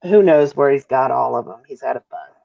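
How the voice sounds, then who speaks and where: A middle-aged Midwestern woman giving an emotional interview as a mother. She talks haltingly, breaks off and apologizes, with a gravelly edge to her voice. The call audio sounds dull and lo-fi. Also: rumbling low.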